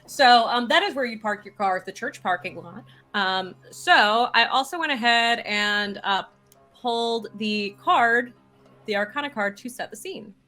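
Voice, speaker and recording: A woman running a tabletop game, relaxed and upbeat, narrating with fillers. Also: a little high, measured pace, faint music behind. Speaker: game master.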